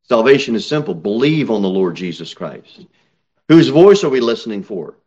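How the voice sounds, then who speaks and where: A male pastor preaching a sermon from the pulpit, reading scripture and pressing his points with slow, emphatic stresses and sudden raised peaks. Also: fairly low pitch, sing-song, darkish tone, dull audio. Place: church sanctuary, at the pulpit.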